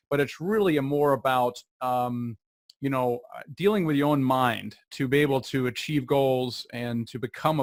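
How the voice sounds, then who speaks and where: A man's voice: medium pitch, dry recording. A man hosting an interview podcast, asking rambling, hesitant questions with many restarts. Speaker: podcast host.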